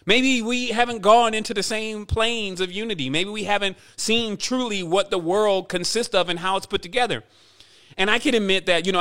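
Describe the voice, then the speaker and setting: Emphatic rambling man, higher voice. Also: sharp tone. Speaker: spiritual teacher. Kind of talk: spiritual monologue.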